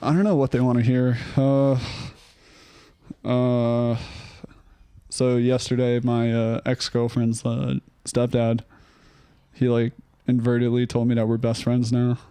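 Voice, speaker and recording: Young male co-host, easygoing banter with frequent laughs and casual swearing, dark and dry. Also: mid-range voice, flat delivery, a little slow, clean tone, no echo. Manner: laid-back, laughs often, swears casually. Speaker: podcast co-host. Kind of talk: casual chat. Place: bedroom at his parents' house.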